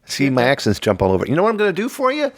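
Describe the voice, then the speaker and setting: A man co-hosting a casual chat about old songs, giggly and quick to poke fun at himself. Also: a little high. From German family background. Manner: giggly, self-mocking, lively swooping delivery. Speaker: podcast co-host.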